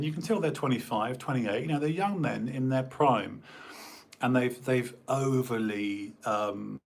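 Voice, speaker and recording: A man and former bodybuilder, chatting casually in a rambling way, full of fillers and restarts. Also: medium pitch. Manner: meandering, many fillers and restarts. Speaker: former competitive bodybuilder hosting a stream.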